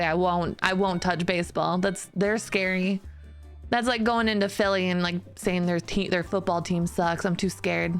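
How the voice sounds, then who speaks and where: A woman streamer chatting casually with her viewers in a giggly, self-deprecating way, often restarting her sentences. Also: medium pitch.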